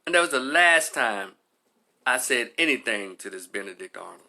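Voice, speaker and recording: A man casually telling a personal story as a commentator, animated, profane and conversational. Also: medium pitch, moderate pace. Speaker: vlogger and commentator.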